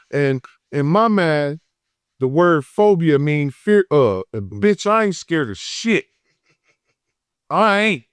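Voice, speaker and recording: A man from Detroit with a Detroit accent, telling a story in an unfiltered, profane, heated way, swinging between loud and low. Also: lively intonation, slow, no room sound, clean studio sound. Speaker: guest. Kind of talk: unfiltered casual interview. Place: podcast studio.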